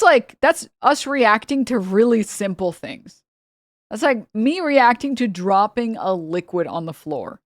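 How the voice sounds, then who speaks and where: A woman streamer with a mid-range voice rants heatedly and exasperatedly in a casual reaction stream, swearing a lot and speaking straight to her chat. The audio is studio quality with no room sound.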